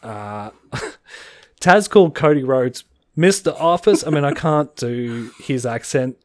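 A man co-hosting a podcast in casual chat, rambling quickly and laughing often. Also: mid-range voice, expressive, dry recording. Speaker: podcast co-host.

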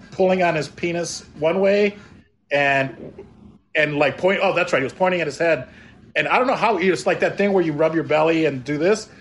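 A male guest chatting casually, telling stories with frequent restarts and stumbles. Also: on the high side. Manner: halting, many restarts when telling stories. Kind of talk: casual chat.

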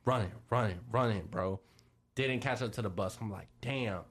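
Animated slangy young man telling a story. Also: fairly low pitch, normal speed. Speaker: podcast co-host. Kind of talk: casual chat, storytelling.

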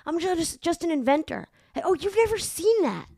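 A young adult woman hosting a podcast in casual chat, animated, profane and rambling into a studio microphone. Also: extremely high pitch, normal speed, creaky, no room sound. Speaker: podcast host.

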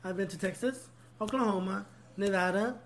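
A man's voice: high-pitched, moderate pace, heavy background noise. A young man co-hosting a casual podcast chat, blunt and complaining in a playful way, swearing freely. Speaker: podcast co-host.

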